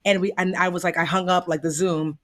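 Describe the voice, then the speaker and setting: Animated storytelling woman from the US. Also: on the low side, brisk. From United States. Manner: animated, acts out quoted voices, folksy asides. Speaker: guest. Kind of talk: casual conversational storytelling.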